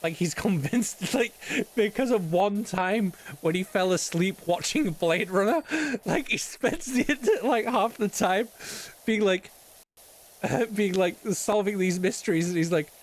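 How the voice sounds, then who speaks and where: A man's voice: high-pitched, a little slow. A British man streaming casual chat, rambling and swearing often between laughs.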